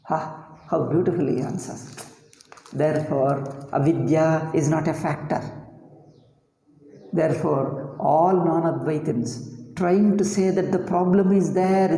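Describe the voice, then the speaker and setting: A man's voice: sits high, mellow. A man teaching Vedanta philosophy, posing questions and repeating points with emphasis. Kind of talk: spoken philosophy lecture. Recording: echoey hall with long reverb.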